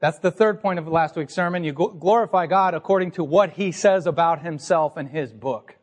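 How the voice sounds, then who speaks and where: A man's voice: fairly high pitch, moderate pace, long reverb tail. A man pastor preaching an emphatic, teacherly sermon to his congregation in a church sanctuary.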